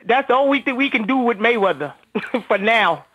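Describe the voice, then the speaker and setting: A man's voice: extremely high pitch, normal speed, muffled recording. A man in casual live-stream chat, telling stories animatedly and acting out what others said. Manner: animated storyteller, acts out quotes.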